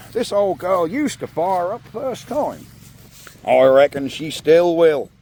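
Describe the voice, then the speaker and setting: A man's voice: a little high, animated, slow, darkish tone, a little hiss or hum. A man chatting cheerfully to viewers, recorded on a phone propped up in an outdoor yard. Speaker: vlogger. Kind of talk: casual chat to camera.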